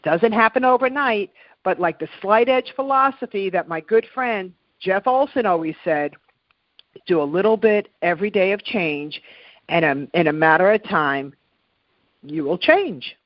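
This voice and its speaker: A woman's voice: medium pitch, expressive, unhurried, no room sound, muffled recording. A middle-aged woman speaking as a guest on a talk show, coaching listeners in an earnest, motivational way and repeating phrases for emphasis. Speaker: podcast guest, happiness coach.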